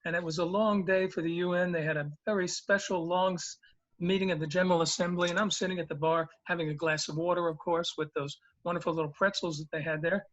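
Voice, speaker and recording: High-voiced man telling a joke. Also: level tone, fast, fairly bright tone, highs cut off. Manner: puts on comic foreign accents in the joke. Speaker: caller telling jokes.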